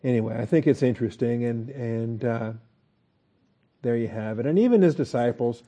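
A man teaching a Bible lesson as a pastor, relaxed and folksy, with frequent fillers and chuckles. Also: medium pitch, normal speed.

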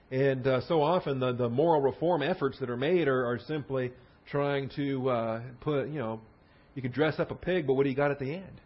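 A man with a somewhat husky voice delivers a verse-by-verse Bible sermon. He repeats key words for emphasis and often restarts his phrases. The recording sounds a little dull and lo-fi. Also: medium pitch. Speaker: Bible teacher.

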